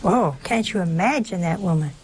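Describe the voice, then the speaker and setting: Over a noisy background, an expressive woman preaches at a normal pace in a casual, conversational sermon. She asks rhetorical questions and leaps abruptly higher in pitch to stress her points.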